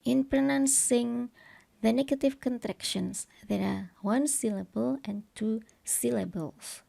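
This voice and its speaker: A woman teaching English pronunciation and grammar, explaining a textbook lesson slowly and stressing the example words. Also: fairly high pitch, creaky, warm tone.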